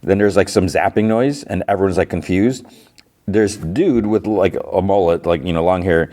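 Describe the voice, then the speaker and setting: With a low, warm voice at a moderate pace, this man hosts a podcast and retells a TV episode casually, drifting along and filling gaps with "like" and "you know."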